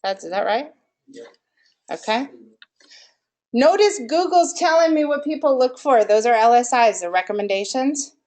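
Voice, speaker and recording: A woman's voice: fairly high pitch, animated, normal speed, pauses often, darkish tone. A woman giving a live marketing workshop in a room with an audience, quizzing listeners and asking them for answers as she goes. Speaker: marketing presenter.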